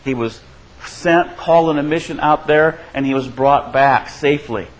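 Speaking at a moderate pace, a man delivers a sermon as a pastor, chatting with his congregation and repeatedly asking "right?" When quoting others, he changes his pitch and volume to play the voices. The audio is poor.

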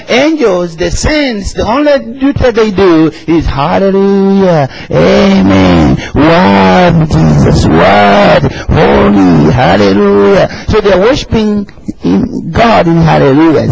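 A man's voice: high voice, vocal fry, a little mellow, a little hiss or hum, rough recording. A man, preaching an emphatic sermon and calling the congregation to answer back. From Uganda. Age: 40s.

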